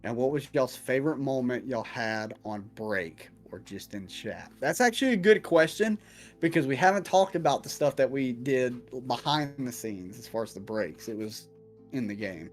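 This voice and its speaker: A man's voice: medium pitch, lively intonation, normal speed, faint music behind. A man acting as dungeon master, casually answering viewer questions with jokes and swearing. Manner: casual and profane, joking. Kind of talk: casual chat.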